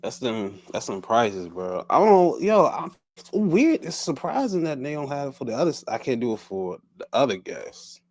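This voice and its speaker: A man's voice: mid-range voice, sing-song, moderate pace, a little mellow. A young man with a Baltimore accent, co-hosting a podcast in playful, laughing banter. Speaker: podcast co-host. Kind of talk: casual banter.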